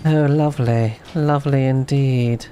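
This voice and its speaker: A man's voice: mid-range voice, fairly even intonation, mellow, faint music behind, close to an everyday voice. A man putting on a creepy theatrical showman voice. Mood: gloating. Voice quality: creepy, drawn-out.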